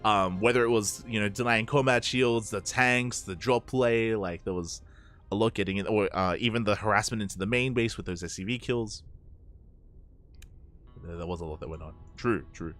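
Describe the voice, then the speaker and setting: A man with a mild Australian accent, tinged by a Spanish-speaking upbringing, casting an esports tournament in a relaxed, chatty live-stream manner, answering chat between games. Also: fairly low pitch, normal speed, soft background music. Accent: mild Australian, blended with Spanish-speaking upbringing. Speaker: esports caster. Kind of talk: casual live stream commentary.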